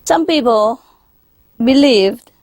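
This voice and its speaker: A woman's voice: on the high side, animated, takes it slowly, darkish tone, no echo. A woman telling jokes in a lecture, often chuckling and asking the audience questions. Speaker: spiritual teacher lecturing an audience. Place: lecture hall in Paris.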